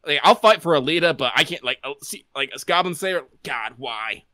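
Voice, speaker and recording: A young man co-hosting a casual podcast, excitable and quick to jump in with jokes. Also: a little high, dry recording, studio quality. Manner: excitable, jumps in with quips. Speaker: podcast co-host. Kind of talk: casual anime discussion.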